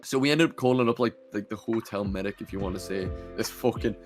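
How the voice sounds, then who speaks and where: A man's voice: lowish voice, fast talker, soft background music. A young man hosting a podcast, telling a story in a rambling, sweary way full of fillers. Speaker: podcast host. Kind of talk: casual storytelling. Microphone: computer camera mic.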